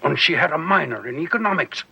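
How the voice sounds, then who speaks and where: A feeble old professor. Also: male voice, fairly high pitch, lively intonation, fast, creaky, bright, forceful tone, slight background noise, exaggerated voice, rough recording. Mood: defensive. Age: older. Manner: accented, whining denials. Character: feeble old male professor, exposed war criminal. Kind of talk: 1980s TV comedy acting.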